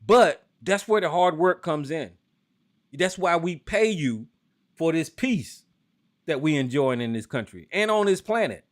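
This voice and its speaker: A man hosting a call-in talk show from the United States, ranting hotly with lots of cursing, then dropping into a slower, lower drawl. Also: animated. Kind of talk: profane political rant and call-in talk.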